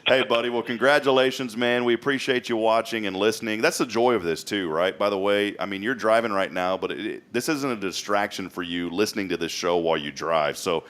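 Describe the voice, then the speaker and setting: A man's voice: on the low side, fairly quick, few pauses. A man hosting a local morning show, teasing and telling stories in a casual chat. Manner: jokey, teasing, animated storyteller. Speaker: host.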